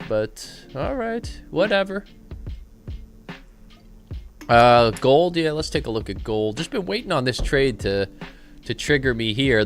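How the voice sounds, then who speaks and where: A man hosting a live trading stream, trading irreverent jokes with his chat between quick remarks on his setups. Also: medium pitch, fairly bright tone. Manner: joking, irreverent banter mixed with trade commentary.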